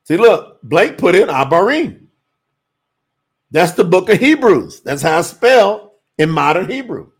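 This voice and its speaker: A man's voice: high-pitched, slightly rough. A man from the United States hosting a livestream, teaching Hebrew scripture and answering the chat, with stretched-out emphasis. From USA. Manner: animated, drawn-out emphasis, addresses chat as y'all.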